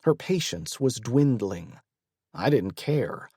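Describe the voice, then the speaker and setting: A man narrating a romance audiobook in the first person, in a measured, intimate storytelling manner. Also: medium pitch, lively intonation, mellow, no echo, studio quality.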